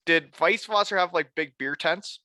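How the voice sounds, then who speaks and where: A man's voice: on the high side, moderate pace, pushed and bright, no room sound. A man hosting a podcast in casual chat, easygoing and chatty, talking on a close mic. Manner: easygoing, chatty, jokes and puts on mock German phrases. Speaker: podcast host.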